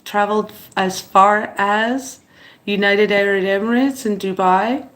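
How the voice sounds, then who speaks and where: A teary woman, chatting slowly and haltingly on her livestream, with many fillers and apologies. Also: medium pitch, fairly even intonation, fairly bright tone. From Montreal, Canada. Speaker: channel host on a livestream. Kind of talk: casual livestream chat, reading viewer comments.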